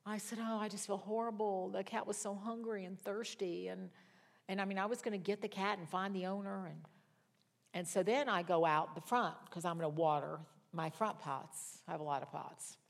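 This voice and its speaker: An older woman teaching a Bible study. She tells personal stories in a chatty way, with self-mocking asides and sudden jumps in pitch and loudness. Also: fairly even intonation, normal speed, gravelly.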